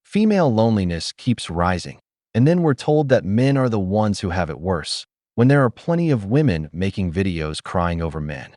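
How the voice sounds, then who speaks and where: Blunt man with a low lively voice. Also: moderate pace, dry recording, studio quality. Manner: blunt, opinionated. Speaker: commentary host. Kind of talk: reaction commentary.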